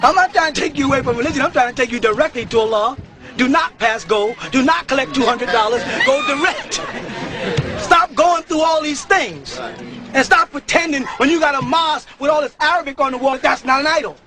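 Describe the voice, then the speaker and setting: A man preaching to a live congregation, emphatic and often breaking into shouts, with chuckles at his own points. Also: very high voice, very animated, brisk, faint music behind, a faint crowd. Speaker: religious teacher addressing a congregation. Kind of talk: live sermon-style lecture. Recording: live talk with audience murmurs.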